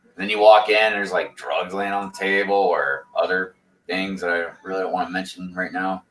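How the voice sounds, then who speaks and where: A man's voice: sits low, steady tone, fairly quick, fairly bright tone. A man in a laid-back, easygoing casual chat, often calling the other man "man" or "dude". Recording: echoey room, distant mic, faint noise.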